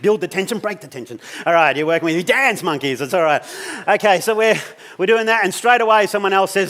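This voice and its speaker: Animated man telling a story. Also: high-pitched, fast talker. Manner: animated, swears casually, acts out dialogue. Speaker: keynote speaker. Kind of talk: storytelling keynote talk.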